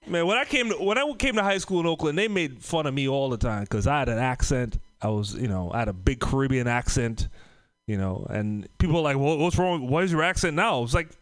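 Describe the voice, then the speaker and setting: A man's voice: medium pitch, lively intonation, a little fast, no echo. A man from Trinidad doing a stand-up set, loose and profane, laughing at his own jokes on a comedy club stage. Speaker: stand-up comic.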